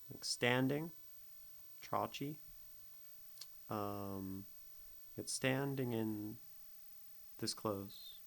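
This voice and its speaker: A man's voice: fairly low pitch, fairly even intonation, slow pace, vocal fry, pauses often, fairly bright tone, clear, resonant tone, poor audio. A man streaming as a poetry critic, thinking aloud in a casual way and sounding out rhythms and syllables as he reads lines. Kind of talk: casual livestream poetry analysis.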